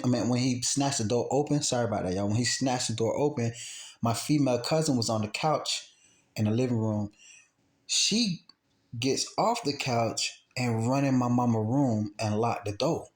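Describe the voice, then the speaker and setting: A man casually telling a personal story, acting out quotes and sound effects and often repeating himself. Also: medium pitch. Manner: animated, acts out gunshots and quotes, repeats himself. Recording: roomy echo.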